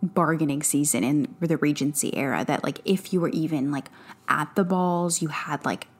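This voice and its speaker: A woman talks through a novel with her co-host in a loose, casual way. Her voice sits a little low, and she fills her sentences with fillers and false starts. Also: moderate pace. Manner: chatty, loose, full of fillers and restarts. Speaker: podcast co-host. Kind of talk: casual book discussion.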